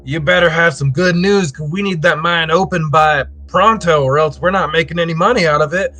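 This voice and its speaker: A man voicing a burly, sweaty, hard-drinking man who talks in a gruff, blunt, folksy way. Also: fairly high pitch, a little fast, pushed and bright, faint music behind, voice pushed up. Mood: grumbling.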